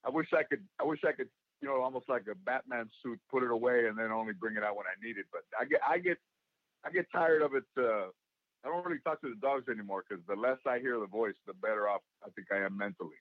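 A man being interviewed as a guest, with a worn, raspy voice, telling animated stories and acting out what people said. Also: mid-range voice, quick pace, no room sound. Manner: animated storyteller who acts out quotes. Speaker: guest, actor and comedian. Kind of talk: casual interview chat. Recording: dull lo-fi dry sound.

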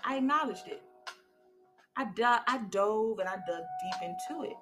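A woman's voice: fairly high pitch, lively intonation, moderate pace, fairly bright tone. Woman, thirties, podcast host, casual motivational talk, colloquial, music behind. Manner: candid, colloquial, preachy storytelling.

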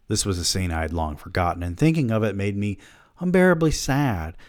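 A man's voice: lowish voice, big pitch swings, brisk, no echo, clean studio sound. A man reading a story aloud who keeps breaking off to mock himself in sardonic comic asides. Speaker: reader of a story.

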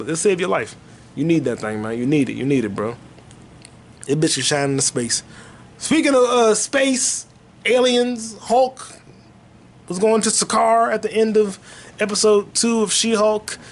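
A man hosting a podcast, riffing in a loose, jokey comedic monologue that jumps into high excited bursts. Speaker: podcast host.

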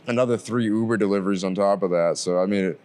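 Smooth low-voiced guy telling a story. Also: fast talker. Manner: animated, acts out quoted dialogue. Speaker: delivery driver. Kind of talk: casual storytelling.

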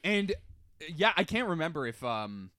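A young man co-hosting a podcast, telling a story in animated casual chat and acting out his own shouts. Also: a little high, moderate pace, no room sound, clean studio sound. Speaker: podcast co-host.

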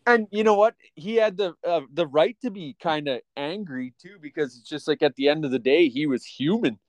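A man co-hosting a podcast in casual chat, rambling with lots of fillers as he talks like an excited fan. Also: a little high, normal speed, no echo. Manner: rambling, filler-heavy, enthusiastic fan talk. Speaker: podcast co-host.

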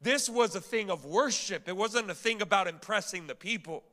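Emphatic, bright-voiced male pastor preaching. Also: high-pitched, moderate pace. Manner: emphatic preaching with rhetorical questions; repeats and restarts words when building a point. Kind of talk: sermon.

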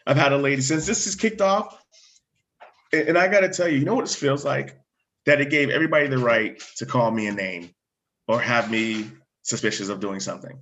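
A man who works as a fire chief, telling a personal story in animated conversation, often restarting words. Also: medium pitch, normal speed, pauses often.

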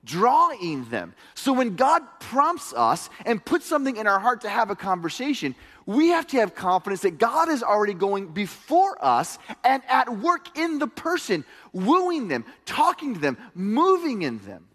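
A middle-aged man preaching a sermon as pastor, telling stories in an animated way that swings from hushed to loud. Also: sits high, moderate pace. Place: church hall. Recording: long hall reverb.

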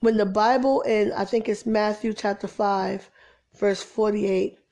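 A woman preaching an informal sermon, swinging from exasperated emphasis to soft, near-whispered lines. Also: mid-range voice, fairly even intonation, measured pace.

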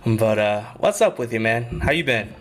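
A man's voice: medium pitch, animated, moderate pace. A young man co-hosting a casual podcast, rambling and self-deprecating, laughing often as he talks. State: a bit out of breath. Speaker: podcast co-host and youth pastor.

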